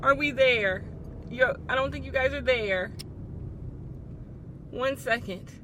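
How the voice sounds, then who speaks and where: A young woman with a high voice speaks slowly while vlogging casually from her car on a dashboard camera, acting dramatically mock-tearful. Faint car noise sits in the background.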